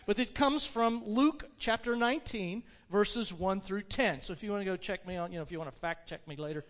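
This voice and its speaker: A male pastor gives a sermon and reads a classic tale aloud with lively, varied emphasis. His voice sits fairly high for a man. He is recorded in a church sanctuary, and long reverb trails each phrase. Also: a little fast. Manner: expressive read-aloud storytelling, varied emphasis. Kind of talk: sermon with expressive story reading.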